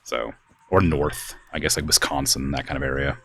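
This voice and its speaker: Deep-voiced rambling male streamer. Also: fairly even intonation, normal speed, creaky, a bit bright, faint music behind. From US West Coast. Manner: rambling, filler-heavy, exasperated about family. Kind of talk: casual chat while gaming.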